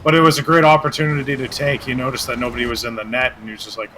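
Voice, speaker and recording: A man giving colour commentary on an esports match, calm analysis with dry jokes. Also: medium pitch, fast talker, a little hiss or hum. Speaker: esports co-caster.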